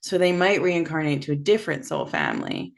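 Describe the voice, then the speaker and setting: A woman's voice: deep voice, lively intonation, brisk, creaky. A woman appearing as a guest on a podcast, explaining her work in an easygoing way with frequent likes. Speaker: pet medium guest. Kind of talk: casual conversational interview.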